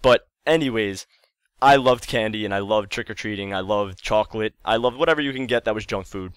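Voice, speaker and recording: A man's voice: on the low side, fairly quick, clear, resonant tone, dry recording. A man telling a childhood story in a casual vlog, chatty and rambling, repeating words for emphasis. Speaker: YouTube storyteller.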